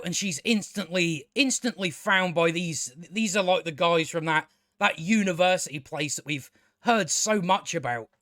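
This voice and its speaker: A man rambles through a TV review in a slightly higher than usual voice, recorded dry and close. He trips over his words and restarts often, and he swears freely as his exasperation spills into a rant. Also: sharp tone, no room sound. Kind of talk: casual spoken review.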